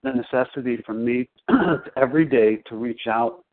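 A man shares at a recovery meeting, often repeating words as he searches for what to say. His voice sits at a middle pitch and comes through a narrow, phone-like line. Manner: halting, searching. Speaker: meeting member sharing. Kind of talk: personal sharing at a recovery meeting. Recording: tinny phone-line audio.

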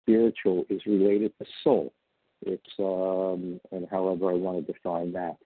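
A man from Israel speaks slowly and hesitantly at a recovery meeting. His voice is low, flat and husky. It comes through a dry, tinny phone line. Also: dry recording. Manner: slow, hesitant, many fillers. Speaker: recovery meeting member sharing. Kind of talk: brief share on a phone meeting.

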